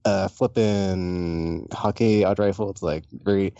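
A man in casual gaming chat who talks in an animated, sarcastic way and acts out quotes. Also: low voice, unhurried, dry recording, highs cut off.

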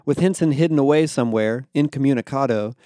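A man tells this story in a dry, wry voice, close to the mic in a dead room. He moves through the narration evenly and breaks into quick character voices for the dialogue. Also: mid-range voice, mellow, no room sound. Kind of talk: audiobook-style fiction narration.

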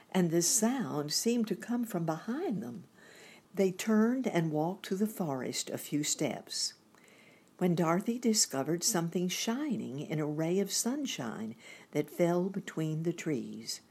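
A woman reads a classic children's story aloud at an unhurried pace. Her low, breathy voice swoops widely across each line. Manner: slow, expressive reading. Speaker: narrator. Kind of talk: storybook reading.

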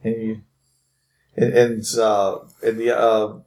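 A man running a tabletop game as game master, narrating haltingly with many restarts. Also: lowish voice, little pitch movement, darkish tone. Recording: echoey room.

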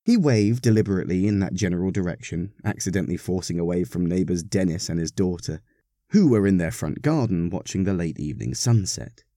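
A man reading a story aloud, narrating in an expressive, wry manner. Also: low voice, a little fast, dry recording, studio quality.

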